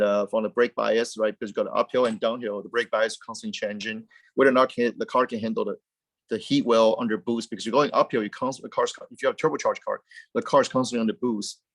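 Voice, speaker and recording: Animated man, dry close sound. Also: mid-range voice, fast, no room sound. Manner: animated, rambling with frequent restarts and repeated words. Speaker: guest, car company founder. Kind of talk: casual interview chat.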